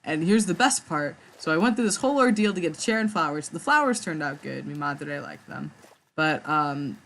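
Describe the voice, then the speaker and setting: A woman's voice: deep voice, lively intonation, normal speed, fairly bright tone, a little hiss or hum. A young woman rambling through a story while playing a game, stammering, restarting and swearing. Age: young adult. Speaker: gaming vlogger. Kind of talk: rambling let's-play storytelling.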